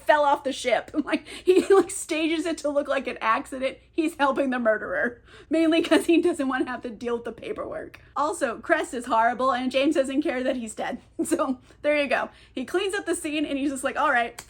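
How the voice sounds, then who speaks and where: A woman's voice: high voice, moderate pace. A young woman recapping a novel in a candid, sarcastic way, with lots of fillers and casual swearing. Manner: chatty, filler-heavy storytelling. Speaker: book reviewer.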